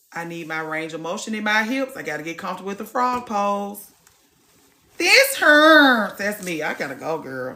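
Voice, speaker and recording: A vlogger in her late thirties chats casually to camera for her viewers from the gym in a mid-range voice. She's animated, swinging between loud and soft, and swears freely.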